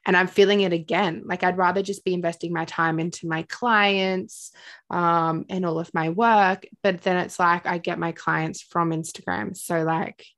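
Gravelly low-voiced woman, rambling chat. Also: fairly even intonation, normal speed, fairly bright tone. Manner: rambling, filler-heavy, with many "like"s. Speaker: coach with her own business. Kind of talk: casual spiritual chat.

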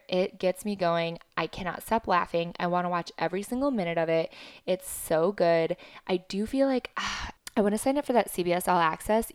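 A woman's voice: on the low side, smooth, dry recording. A young adult woman hosting a podcast, recapping reality TV in a chatty, profane style full of asides. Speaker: podcast host. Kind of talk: casual reality TV recap monologue.

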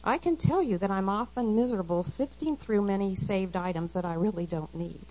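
A woman's voice: mid-range voice, a little fast, a little mellow. A middle-aged woman giving an earnest, confessional devotional talk to women and quoting scripture. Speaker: women's Bible study speaker. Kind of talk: devotional talk read aloud. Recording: slightly dull lo-fi recording.

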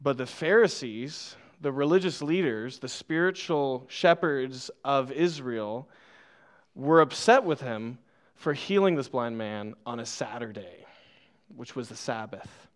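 Laughing young preacher with a smooth voice. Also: male voice, mid-range voice, unhurried. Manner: playful, laughs often, self-deprecating. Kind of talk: sermon with personal stories. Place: church.

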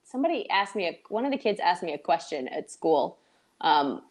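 A woman's voice: on the low side, very animated, fairly quick. A woman from Tennessee with a light Southern accent, co-hosting a casual chat full of "like" and "um". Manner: chatty, fond of fillers like "like" and "um". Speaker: podcast co-host.

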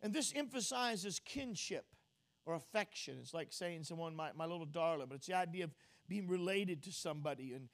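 A man preaching an expository sermon. He repeats key phrases for emphasis and swings between loud, emphatic peaks and quiet teaching asides. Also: high-pitched, animated, moderate pace, creaky.

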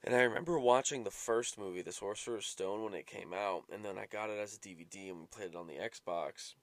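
On his solo podcast, a man with a lowish voice speaks a little fast, swearing and rambling as he gets easily sidetracked from topic to topic. There's no room sound in the recording.

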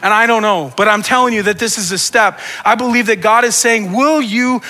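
A man's voice: high-pitched, a little fast, bright, forceful tone. A man preaching a sermon as pastor, with impassioned, repetitive preaching that builds in intensity. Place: church sanctuary. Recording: long reverb of a church hall.

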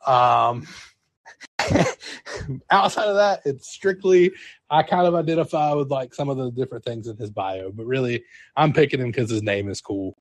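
A mid-pitched man co-hosting a relaxed podcast. He talks with plenty of ums and uhs and laughs easily, in a sentimental tone. His voice is dry and close to the mic. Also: moderate pace, no echo. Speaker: podcast co-host. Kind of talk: casual chat.

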